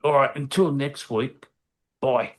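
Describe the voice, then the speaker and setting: A man's voice: medium pitch, takes it slowly. A man telling jokes on a podcast, rambling and repeating words. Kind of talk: casual joke telling.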